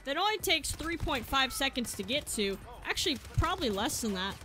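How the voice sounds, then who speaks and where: High, excitable young woman gamer. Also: fairly quick. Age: young adult. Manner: excitable, yelling, joking, swings from shouts to mutters. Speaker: gaming streamer. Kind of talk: gameplay commentary.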